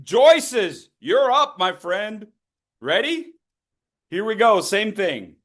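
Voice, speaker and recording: Lively man coaching a voice workshop. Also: high-pitched, slow. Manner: playful, teasing, calls on participants. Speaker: public speaking coach. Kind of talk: interactive online voice workshop. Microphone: video call.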